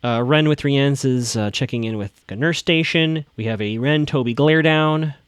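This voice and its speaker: A man's voice: mid-range voice, normal speed, clean tone, no echo. A man hosting a podcast, casually recapping a TV episode, quoting lines and laying out his theories. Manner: chatty, theorizing, quotes lines in a flat voice.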